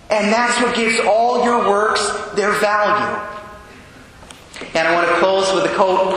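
A man's voice: high-pitched, pushed and bright, a little hiss or hum. A man preaching a homily to children, telling saint stories and calling on listeners by name. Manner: storytelling, calls on listeners by name. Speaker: priest. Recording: echoey church with long reverb.

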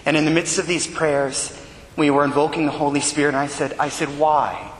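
A man, a Catholic priest, preaching a sermon with earnest storytelling. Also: brisk. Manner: earnest storytelling preacher, rising animated when retelling dialogue. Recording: echoey church hall with long reverb and faint rumble.

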